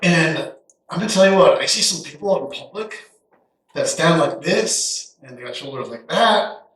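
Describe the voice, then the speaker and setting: A middle-aged man preaches a guest sermon with a folksy, animated delivery, slipping into quick voices for Bible characters. His voice sits high for a man. It rings around a big echoey church hall, picked up from some distance away. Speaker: guest pastor. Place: church sanctuary.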